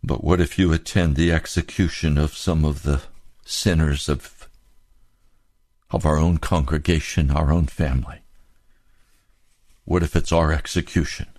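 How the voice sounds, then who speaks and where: A male preacher delivering an impassioned sermon full of rhetorical questions, climbing to high emphatic peaks. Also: fairly even intonation, measured pace, pauses often, a little mellow, no echo, clean studio sound.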